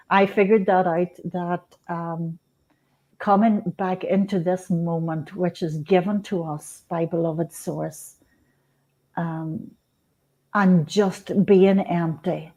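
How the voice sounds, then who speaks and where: Mellow-voiced woman musing on spirituality. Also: lowish voice. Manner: unhurried, many restarts and fillers. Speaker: spiritual guest, shaman. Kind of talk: reflective spiritual talk on radio.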